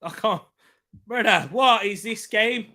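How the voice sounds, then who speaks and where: Excitable man with a bright voice. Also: high-pitched, slow. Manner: excitable, laughs often, bursts into shouts at chances. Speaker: football watchalong host. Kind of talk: live football watchalong commentary.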